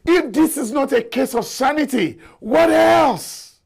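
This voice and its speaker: A man's voice: very high-pitched, expressive, moderate pace, gravelly, husky. A man hosting a live call-in show, giving an impassioned, lecturing monologue and repeating words for emphasis. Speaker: talk show host.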